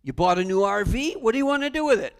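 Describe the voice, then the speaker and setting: A male pastor preaching a sermon in a church sanctuary, animated, with humorous asides. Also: high-pitched, fast. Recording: long church reverb.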